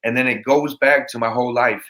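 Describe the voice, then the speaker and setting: A man talking as a podcast guest with a motivational speaker's energy. He rambles and restarts his sentences, and his voice stays at a middle pitch. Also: fairly even intonation, fairly quick, fairly bright tone. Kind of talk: casual interview chat.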